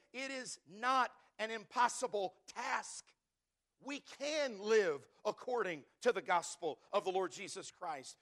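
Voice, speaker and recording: A man's voice: high-pitched, fairly bright tone. A male pastor preaching a sermon, emphatic and repeating key words for stress, calling on the congregation to answer back.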